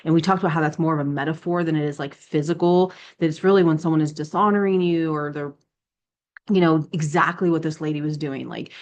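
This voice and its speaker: A woman with a notably low voice tells a story in a relaxed, conversational way. She talks like a friend in a devotional chat, filling gaps with "um" and "like" and acting out what others said. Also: fast talker, dull audio. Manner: chatty and animated, with many fillers and acted quotes. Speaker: ministry devotional speaker. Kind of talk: casual spoken testimony.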